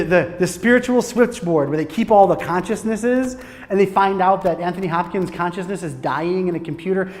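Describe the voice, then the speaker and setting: A man telling stories at a casual conference talk on filmmaking, animated, swearing freely and laughing as he goes. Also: high voice. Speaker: guest speaker on filmmaking. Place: conference room. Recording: reverberant hall.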